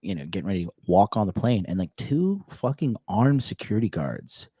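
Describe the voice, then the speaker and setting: A man co-hosting a casual podcast, telling a story with lots of swearing and animated retelling. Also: lowish voice, fairly quick, slightly rough, no echo, clean studio sound. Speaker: podcast co-host. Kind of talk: casual chat.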